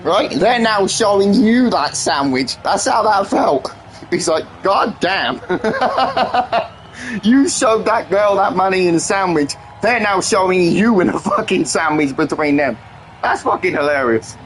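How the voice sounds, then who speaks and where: A man chatting excitedly on a live game stream, swearing freely and trading teasing banter with his friends. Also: sits high, normal speed, slight background noise. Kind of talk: live-stream gameplay chat.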